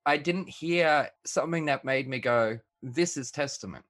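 A young man co-hosting a podcast, rambling and mocking himself, quick to laugh. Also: mid-range voice, fairly bright tone. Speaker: podcast co-host. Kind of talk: casual chat.

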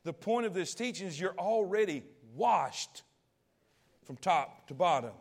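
A man preaching a sermon, telling a story in a folksy, colloquial way, swinging from loud to hushed and asking the audience questions. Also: high-pitched, lively intonation, a little slow. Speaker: pastor.

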